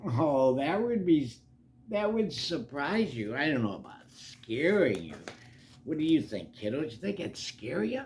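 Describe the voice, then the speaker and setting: A man's voice: on the high side, very animated, measured pace, darkish tone, slight background noise. An older man reading a storybook aloud to children, with chatty, coaxing asides to the kids. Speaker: storybook reader.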